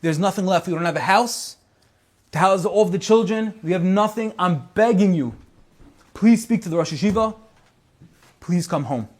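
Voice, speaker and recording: Brief: man reading as a desperate mother begging her son to come home, fairly high voice. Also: expressive, normal speed, pauses often, darkish tone. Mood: pleading. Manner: pleading, letter-reading delivery.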